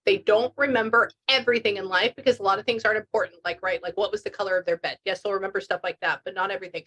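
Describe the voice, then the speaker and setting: A woman's voice: medium pitch, steady tone, racing, fairly bright tone, husky. A woman doing a casual reading session as a pet medium, chatty and rambling, full of restarts and fillers.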